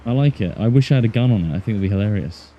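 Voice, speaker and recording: A man's voice: lowish voice, lively intonation, very fast, muffled recording, a little hiss or hum. An English man streaming a game, chatting casually and joking to himself as he plays. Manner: chatty, joking, talks to himself while playing. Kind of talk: casual gameplay chat.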